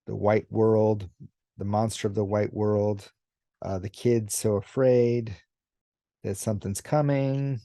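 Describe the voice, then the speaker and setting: A man hosting a casual commentary video, talking in a relaxed, unhurried way with many fillers and now and then acting out characters' lines. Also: fairly low pitch, dry recording, studio quality. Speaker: YouTube host discussing manga.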